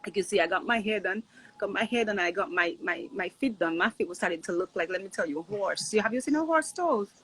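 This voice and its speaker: A woman's voice: mid-range voice, animated, fast, a bit bright, breathy edge, low-quality recording. A woman in her thirties, a guest sharing a heartfelt casual chat, earnest and reflective, often asking "right?". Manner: earnest, reflective, repeats phrases, says "right?".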